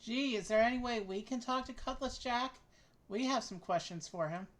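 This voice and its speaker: A woman's voice: a little high, normal speed. Wry woman reading game dialogue. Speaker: co-host of game stream. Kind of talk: casual game play, reading dialogue aloud.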